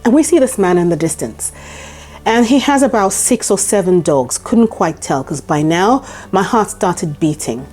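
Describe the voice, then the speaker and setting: A woman's voice: on the low side, lively intonation, normal speed, a little mellow, soft background music. A woman vlogger telling a personal story to camera, emphatic and repeating her points for stress.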